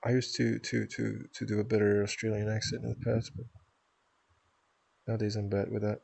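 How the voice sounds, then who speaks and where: A man streaming, chatting with viewers in a calm, easygoing, chill way from a home setup. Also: on the low side, brisk, creaky. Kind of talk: casual chat with viewers.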